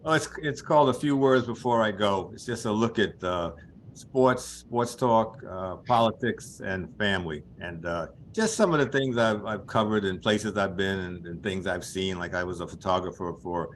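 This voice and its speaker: An older man with a fairly low voice tells long, rambling sports stories as a guest on a talk show. He chuckles through his anecdotes at an easy, conversational pace. A faint hiss sits under the recording. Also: normal speed. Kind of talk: casual anecdotal storytelling.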